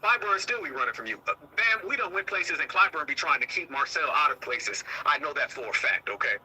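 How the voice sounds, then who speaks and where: A man's voice: on the high side, big pitch swings, fairly quick, sharp tone, slight background noise, rough recording. A man hosting a heated commentary talk show, emphatic and repetitive, often swearing. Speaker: host.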